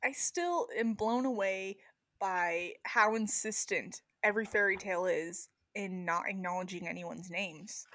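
A woman's voice: mid-range voice, unhurried, a bit bright, no echo. A young woman making wry, teasing comments in casual chat. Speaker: podcast co-host.

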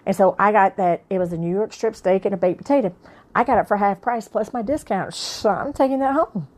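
A woman speaks frankly and plainly, telling a hard personal story in an easy conversational flow. Her voice sits at an ordinary middle pitch for a woman, neither high nor low. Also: fairly quick, darkish tone. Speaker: author.

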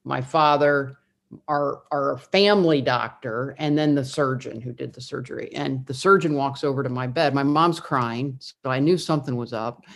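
A woman's voice: a bass voice, moderate pace, vocal fry. A woman from Indiana, a guest telling a personal story in a conversation, earnest, with frequent restarts and fillers. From Midwest US, Indiana.

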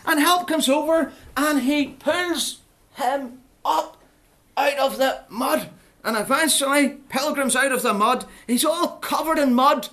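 A preacher tells a Bible story to children in a playful, animated way, often asking them questions. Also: high-pitched, measured pace.

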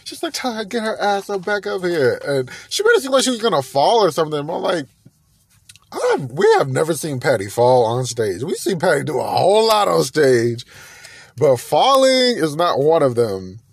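A man hosting a podcast, chatting in a gushing, animated way and repeating himself often. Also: a little high, normal speed, creaky, husky, dry recording. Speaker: podcast host. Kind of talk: casual music gossip chat.

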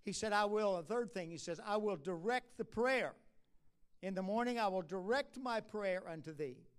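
A man preaching a sermon at a church conference, talking in a conversational way with halting restarts, rising to emphatic lines and dropping low and soft at asides. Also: expressive, clear, resonant tone. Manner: halting restarts and drawn-out uh fillers.

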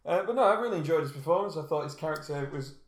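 A man with a raised, gravelly voice talks through a film review in easy, casual chat. He jokes a lot and slips into silly voices to mimic characters. The room around him is echoey. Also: fairly high pitch, expressive, very fast. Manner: jokey, puts on silly voices for quotes. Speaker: podcast co-host.

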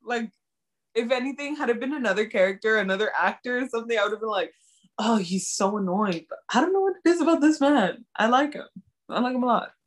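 A young woman chatting casually as a co-host, excitable and slangy, saying "like" a lot. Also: on the high side, fast talker. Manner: excitable, slangy, heavy use of "like". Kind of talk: casual chat recapping a TV drama.

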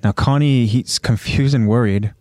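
Excitable man recapping an anime. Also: medium pitch, no room sound, studio quality. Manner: animated, quick to jump ahead, loose fillers. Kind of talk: casual recap narration.

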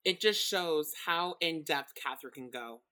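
A woman's voice: low-pitched, measured pace, bright, forceful tone. A woman co-hosting a casual TV recap chat, laid-back with chuckling asides. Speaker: podcast co-host.

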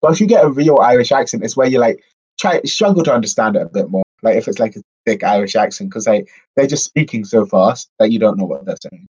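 A man's voice: lowish voice, lively intonation, fast talker, darkish tone, husky, dry recording, lo-fi sound. A young English man co-hosting a casual podcast chat, rambling with lots of fillers and restarts. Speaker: podcast co-host.

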